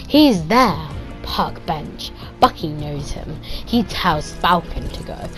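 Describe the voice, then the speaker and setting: Excitable woman recapping with pew-pew noises. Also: on the low side. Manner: excitable retelling with pew-pew sound effects; rambling, trails off into quiet asides. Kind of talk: casual spoken movie review.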